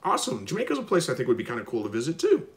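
A man hosting a live stream, reading viewer comments and answering them in a relaxed, rambling way with lots of ums. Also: mid-range voice, rapid-fire. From Missouri. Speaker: livestream host answering viewer questions. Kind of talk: casual live chat, reading comments aloud.

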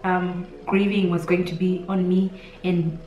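A young Namibian-accented beauty vlogger speaks in an intimate heart-to-heart, emotional and near tears, rambling with many "like"s and "literally"s. Her voice is on the low side, unhurried, with little pitch movement. The audio has cut-off highs, slight background noise, roomy echo from a distant mic, and faint music.

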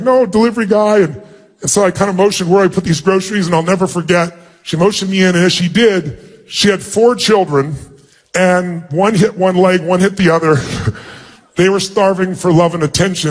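A man with a husky, fairly high voice delivers a motivational speech. He tells a personal story with animated, emotional storytelling and climbs higher in pitch as he gets stirred up. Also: a little fast. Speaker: motivational speaker.

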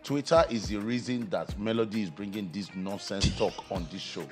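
A man's voice: fairly low pitch, moderate pace, over music. A man with a Nigerian accent, a guest co-host in casual podcast chat, ranting emphatically and animatedly.

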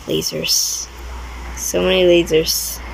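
A woman's voice: lowish voice, little pitch movement, slow, creaky, a little hiss or hum, low-quality recording. A young woman commenting on her own gameplay, easily startled, with frequent exclamations and non-native English grammar. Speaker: gaming video creator.

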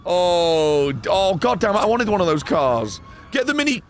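A man's voice: a little high, expressive, unhurried, heavy background noise. A man streaming a game live, ranting at his chat in a profane, exasperated way. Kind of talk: live gameplay stream commentary.

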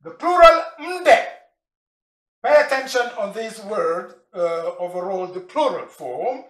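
Slow, patient teacher in an echoey room. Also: medium pitch, very animated, fairly bright tone. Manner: repeats each word slowly and patiently, with asides on dialects. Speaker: language teacher. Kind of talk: vocabulary lesson, spelling out words. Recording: roomy echo.

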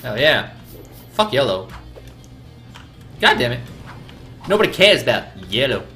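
A man hosting a let's play with loud, profane, rowdy outbursts and game audio behind him. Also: medium pitch, sing-song, a little slow. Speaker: gaming channel host. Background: game audio and music.

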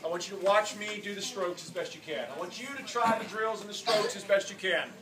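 A man in his forties giving an earnest, animated motivational talk to children as a swim clinic coach, dropping soft and then bursting loud, in a large indoor pool hall. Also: sits high, brisk, a crowd in the background. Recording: echoey, distant, noisy hall.

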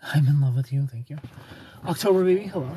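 A man's voice: fairly high pitch, normal speed, mellow, a little hiss or hum. A tired man live streaming from an airport on his phone, rambling casually as he answers chat and thanks new followers. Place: airport terminal.

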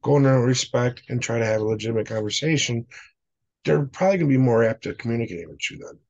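A male paranormal investigator co-hosting a casual interview, plain-spoken and relaxed. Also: mid-range voice, fast, vocal fry, highs cut off. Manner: relaxed, plain-spoken, fillers like "you know".

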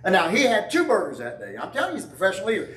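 A man's voice: high voice, huge pitch swings, rapid-fire, fairly bright tone. A male pastor preaching a sermon in a church, talking in a conversational, emphatic way and mixing in homely stories. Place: church sanctuary. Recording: echoey church from far off.

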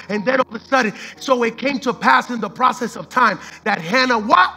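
A male pastor preaching a sermon with passion and casual slang, swinging between shouted declarations and hushed scripture reading. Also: very high-pitched, brisk, vocal fry, hardly any pauses, low-quality recording.

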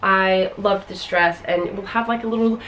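A woman's voice: mid-range voice, steady tone, moderate pace, a bit bright, a little hiss or hum. A young Australian woman in her early twenties, chatting through a try-on haul from home. She gushes easily and fills her sentences with "like" and "um", her voice sitting in a middle register. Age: early 20s. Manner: chatty and gushing, many fillers. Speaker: fashion vlogger.

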